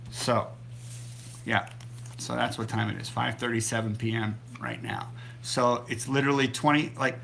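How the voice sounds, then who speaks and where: Rambling, bright-voiced male live-streamer. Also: mid-range voice, vocal fry, a little hiss or hum. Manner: rambling, with many ums and restarts. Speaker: keto diet channel host. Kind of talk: casual live-stream chat.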